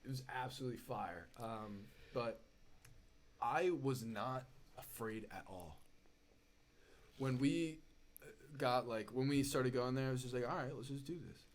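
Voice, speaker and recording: A man's voice: mid-range voice, a little slow, long pauses, slight background noise. A young man on a podcast, telling a story in casual chat, with lots of fillers and "dude", building up as he goes. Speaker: podcast guest.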